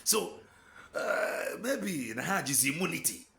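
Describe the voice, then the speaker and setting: Igbo nigerian guy preaching hard, gravelly voice swinging way up and down, asks the crowd questions. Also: fairly high pitch, big pitch swings, takes it slowly, pushed and bright. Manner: fervent, exhorting, rhetorical questions, switches in and out of Igbo. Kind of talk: impassioned online sermon.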